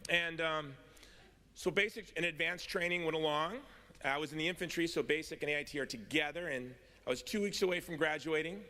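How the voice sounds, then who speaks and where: A middle-aged man tells his own story at a convention podium, wry at times and earnest at others. His voice is bright and forceful. It rings with the long reverb of a big hall. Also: on the high side, brisk. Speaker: convention speaker. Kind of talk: personal testimony speech. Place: large hall.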